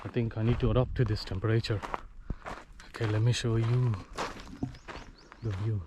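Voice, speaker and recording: A young man vlogging as he hikes up a fort, chatty and excited, talking to viewers and out of breath. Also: on the low side, moderate pace. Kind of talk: casual trekking vlog. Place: outdoors on a hilltop fort. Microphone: handheld phone. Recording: noisy outdoor phone recording.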